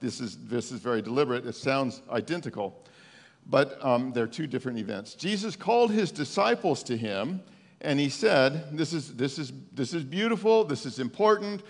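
A man's voice: medium pitch, lively intonation, normal speed, creaky. A male pastor giving a conversational, emphatic sermon in a folksy way, often stumbling and repeating words, recorded in a church with a long reverb.

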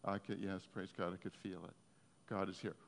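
A man's voice: low-pitched, flat delivery, moderate pace, creaky. A man preaching a sermon, telling stories in an earnest, heartfelt way. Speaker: pastor. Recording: long reverb of a hall.

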